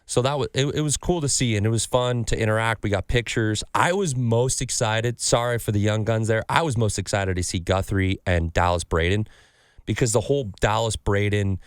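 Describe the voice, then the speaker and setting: A man's voice: fairly low pitch, a little fast, clear, resonant tone, no echo, studio quality. A man hosting a podcast, chatting casually about sports cards and telling stories with acted-out quotes and plenty of swearing. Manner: animated storyteller, swears freely, acts out quotes. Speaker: podcast host. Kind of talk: casual sports card chat.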